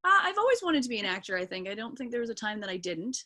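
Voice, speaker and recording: Her voice is a little high, bright, and pushed, and she races along with great animation. This young woman from British Columbia, Canada, an actor and singer, rambles casually as a video-call interview guest, dropping plenty of ums and yeahs.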